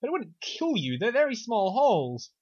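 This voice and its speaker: A man's voice: extremely high pitch, wildly swooping pitch, moderate pace, a little mellow, breathy edge. A man co-hosting a podcast, recapping a film in a sarcastic, profane, offhand way. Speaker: podcast co-host reviewing a film. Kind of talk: casual film recap chat. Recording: dull lo-fi sound.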